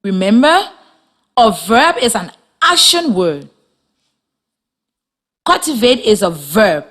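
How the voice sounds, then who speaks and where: A Liberian woman teacher leads a children's reading lesson. She speaks slowly and clearly, her pitch rising and falling in a lively way. Her delivery is patient and encouraging.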